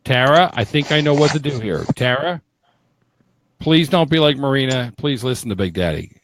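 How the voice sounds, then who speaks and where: A man hosting a live podcast, loud and teasing, swearing freely in casual banter with his guests. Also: medium pitch, animated, normal speed. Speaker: podcast host.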